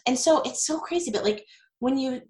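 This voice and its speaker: A woman's voice: high voice, brisk, darkish tone, echoey room, low-quality recording. A woman in her forties, a guest telling her story in a candid, chatty interview. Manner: candid and chatty, with frequent fillers and laughs. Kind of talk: casual interview.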